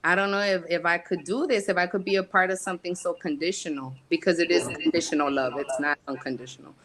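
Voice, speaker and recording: A woman guest in an interview, telling her life story frankly with streetwise slang and halting pauses. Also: on the low side, steady tone, a crowd in the background, rough recording. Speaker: guest, casting company founder. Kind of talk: candid personal storytelling in interview.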